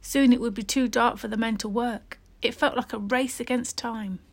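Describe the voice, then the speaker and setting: A woman narrating a children's story with steady, expressive reading. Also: on the high side, moderate pace.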